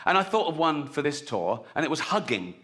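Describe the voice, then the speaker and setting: A middle-aged man from Reading, England, speaking with a Reading accent, doing an animated stand-up routine full of swearing and acted-out voices. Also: a little high, a little fast. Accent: English, Reading. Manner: animated, swearing, acts out voices in his stories. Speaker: stand-up comedian. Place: theatre stage. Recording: live stage recording in a large reverberant hall. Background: audience laughter.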